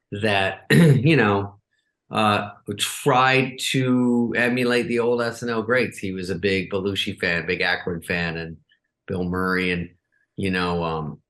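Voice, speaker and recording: Man telling stories in a lowish voice. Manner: animated, acts out quotes in raised voices. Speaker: guest. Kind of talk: casual interview storytelling.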